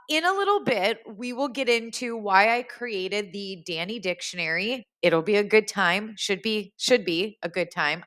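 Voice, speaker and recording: Bright, forceful, and on the high side, this woman's voice carries a Minnesota accent as she introduces her cleaning vlog. Chatty and eager, she rambles to the camera and keeps correcting herself.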